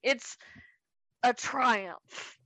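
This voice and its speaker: A woman guest gushes and giggles through a casual podcast chat. Her voice is high and bright, and it sounds close and dry. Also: very slow, no echo, rough recording. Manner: gushing, giggly.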